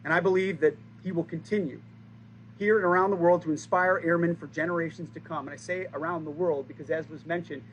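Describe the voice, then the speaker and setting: A man in his forties giving a formal, rousing ceremony speech, stressing key lines with pauses for effect. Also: on the high side, a little hiss or hum, low-quality recording. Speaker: speaker at a base ceremony.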